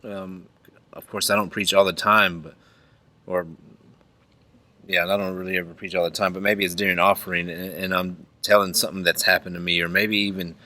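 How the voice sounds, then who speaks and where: A man's voice: low-pitched, level tone, a little fast, sharp tone. A man hosting a faith podcast, talking in an earnest, rambling way with many restarts. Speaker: podcast host. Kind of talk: casual chat.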